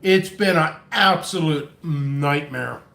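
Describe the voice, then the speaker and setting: A man's voice: fairly high pitch, slow, gravelly, pushed and bright, reverberant. A man hosting a casual live chat, rambling and chatty on coffee, a little out of breath. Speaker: pepper seed seller and channel host. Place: indoor home workspace.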